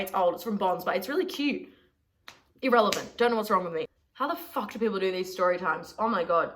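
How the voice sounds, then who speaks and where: A woman's voice: mid-range voice, animated, fairly quick, fairly bright tone. A young Australian woman telling a story to camera in a chatty, sweary, self-mocking vlog. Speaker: vlogger.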